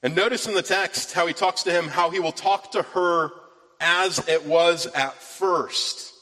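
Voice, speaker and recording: A man's voice: on the high side, measured pace, sharp tone. A man preaching a sermon from scripture, earnest and rising with emphasis on key phrases. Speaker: pastor. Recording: long reverb of a large hall.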